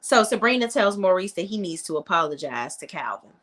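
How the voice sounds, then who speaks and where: Sassy woman recapping a tv episode, lively swooping pitch. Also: brisk. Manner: sassy, blunt, acts out characters' lines. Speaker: TV recap commentator.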